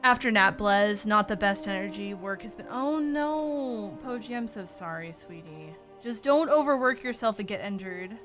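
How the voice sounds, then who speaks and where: A woman's voice: medium pitch, animated, moderate pace, hardly any pauses, fairly bright tone, faint music behind. Tired, chatty woman streaming a game. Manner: chatty, greets viewers by name, calls them sweetie. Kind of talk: casual livestream chat.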